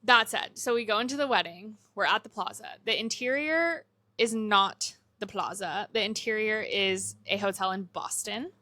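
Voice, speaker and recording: A woman's voice: mid-range voice, normal speed, pushed and bright, dry recording. A young woman cohosting a movie podcast, chatting casually and acting out movie lines as she retells scenes. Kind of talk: casual chat.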